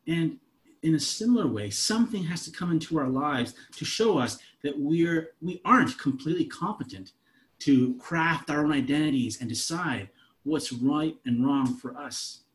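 A pastor in his thirties preaches a conversational sermon, shifting between soft asides and emphatic lines. His voice is a little high and expressive, at a moderate pace.

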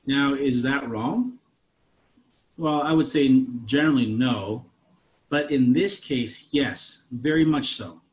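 A man's voice: mid-range voice, slow. Conversational man preaching a sermon. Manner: conversational, lively, shifts between soft asides and emphatic lines. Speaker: pastor.

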